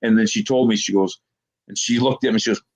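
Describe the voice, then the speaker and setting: A man's voice: on the low side, fairly even intonation, fast talker. A man being interviewed as a Bigfoot investigator, telling long rambling anecdotes and quoting people with "she goes.". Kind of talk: casual storytelling interview.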